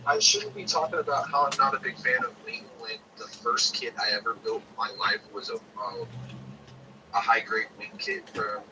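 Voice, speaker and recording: A man's voice: medium pitch, normal speed. A man chatting casually about model kits and rambling through a funny story. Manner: rambling storyteller, lively and jokey. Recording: noisy room, mic a little far off.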